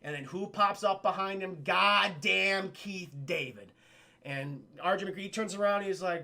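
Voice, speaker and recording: A man with a high, sharp, forceful voice recaps a film for his livestream chat. He tells it in an excitable, profane rush and keeps turning to speak to the chat. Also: unhurried, vocal fry. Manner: excitable, profane retelling that often addresses the chat.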